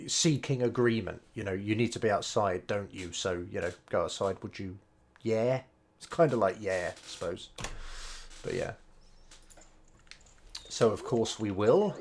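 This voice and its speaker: Casting: man, lowish voice, chatty streamer-teacher, hesitant and rambling, faint noise behind. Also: creaky. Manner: rambling, hesitant, many fillers and restarts. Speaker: Japanese learner and game streamer. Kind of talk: casual explanatory commentary.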